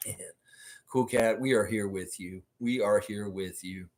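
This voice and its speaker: In a fairly low, steady voice and at a slightly slow pace, a blunt sports livestream host goes through viewer comments in a casual chat. He swears freely and talks about himself in the third person.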